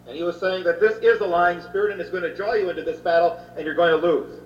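Man lecturing on scripture in a roomy hall. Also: high-pitched. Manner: plain storytelling, retelling scripture in everyday speech with frequent uh. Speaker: Bible teacher. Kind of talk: Bible lecture. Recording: roomy, distant, dull old hall recording with faint hum.

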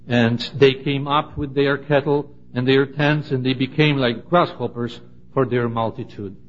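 A man giving a Bible study, reading scripture aloud in a measured, deliberate way and stressing key words. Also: on the high side. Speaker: Bible teacher. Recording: dull lo-fi recording.

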